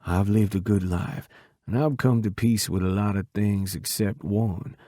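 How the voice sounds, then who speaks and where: A man's voice: lowish voice, steady tone, mellow, no echo, studio quality. A man doing a weak, dying old Southerner. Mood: resigned. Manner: weak, slow, drawling. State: weak and fading. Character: dying older man, fearful yet resigned.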